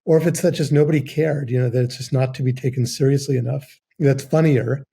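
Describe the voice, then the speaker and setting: A man's voice: medium pitch, fairly quick, vocal fry, slightly rough. A man who writes, on a film podcast panel, talking wryly with lots of questions. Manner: wry, questioning, animated. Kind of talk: casual film discussion.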